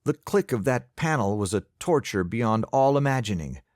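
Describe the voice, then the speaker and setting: A man narrating an audiobook in the first person, measured and expressive. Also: mid-range voice, no room sound, studio quality.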